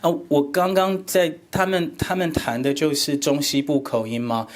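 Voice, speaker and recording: A man's voice: fairly high pitch, animated, normal speed, background noise. A man presenting a teacher workshop, explaining animatedly and switching between Mandarin and English. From Taiwan. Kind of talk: bilingual lecture and discussion.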